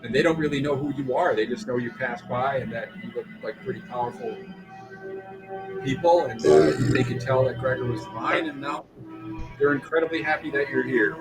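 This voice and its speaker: A man's voice: medium pitch, brisk, low-quality recording. Rambling male game master. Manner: rambling, with many fillers and restarts. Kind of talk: narrating a tabletop game. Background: background music.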